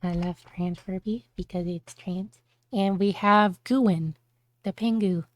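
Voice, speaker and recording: A woman's voice: medium pitch, fairly even intonation, slow, no echo. A woman streamer chatting casually on a live stream, bubbly, with cutesy baby-talk words.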